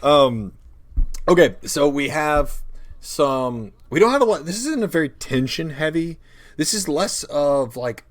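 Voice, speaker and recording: A man's voice: a little high, very animated, a little slow. A man co-hosting a casual podcast about running tabletop games, rambling and laughing easily. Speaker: podcast co-host.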